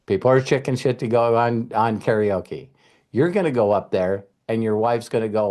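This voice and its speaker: Animated man telling stories. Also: mid-range voice, normal speed. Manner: animated storyteller, acts out voices; casual, swears freely. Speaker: mentor and coach. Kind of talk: motivational talk.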